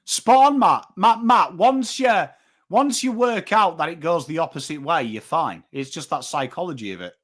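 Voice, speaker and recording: A man's voice: fairly high pitch, animated, normal speed, a bit bright. A man in his thirties with a northern English accent, hosting a live footy watchalong and chatting casually with viewers. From England. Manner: chatty, rambling, swears casually, reads chat names. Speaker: watchalong host. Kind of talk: casual live-stream chat.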